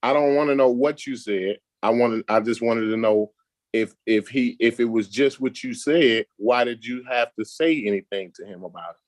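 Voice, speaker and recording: A man, defensive and repetitive as he argues his side on a podcast. His voice is mid-pitched and dry, recorded close with no room echo. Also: moderate pace. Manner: defensive, repeats "I'm just saying". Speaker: podcast co-host. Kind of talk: heated group discussion.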